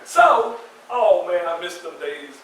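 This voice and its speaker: A man in his sixties telling a personal story live to an audience, animated and acting out scenes. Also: fairly high pitch, takes it slowly, a little hiss or hum. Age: 60s. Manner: animated, acts out scenes with voices and shouts. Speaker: featured storyteller. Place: community center hall. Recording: echoey room from a far mic, faint ambience.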